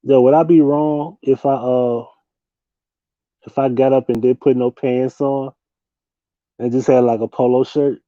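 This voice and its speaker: A young man hosts a casual late-night livestream from his desk, slangy and loose, laughing often as he talks to viewers. His medium-pitched voice is dark and fairly even, his pace measured with long pauses, and the audio is dull with no echo.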